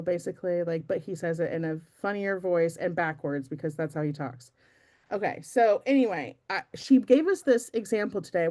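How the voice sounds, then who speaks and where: A young adult woman giving a casual, chatty motivational talk to her team, self-deprecating and full of fillers. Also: mid-range voice. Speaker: team meeting speaker.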